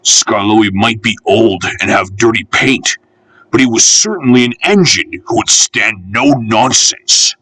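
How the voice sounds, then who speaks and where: A man reading a children's railway storybook aloud in an expressive, measured way. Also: fairly low pitch, no room sound.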